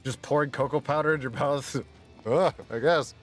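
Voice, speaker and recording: A young male streamer talks through a survival game in loose, profane chatter, joking with viewers. His voice sits at an ordinary middle pitch, and soft music plays faintly underneath. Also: moderate pace. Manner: loose, profane, jokey, often laughing. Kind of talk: casual live-stream gaming chat.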